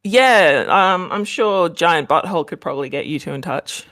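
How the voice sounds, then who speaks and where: Australian woman guest, low-ish pitch, chatty and rambling, laughs often, video call from home. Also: lively intonation, moderate pace, fairly bright tone. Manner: rambling, laughing, many fillers. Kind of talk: casual chat. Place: home, next to the kitchen.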